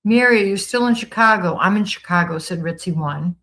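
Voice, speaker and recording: A woman with a Boston accent hosts a casual livestream, reading viewer comments out loud and answering them in a gushing, upbeat, chatty way. Her voice is medium in pitch, a bit bright, and slightly fast. The audio quality is poor.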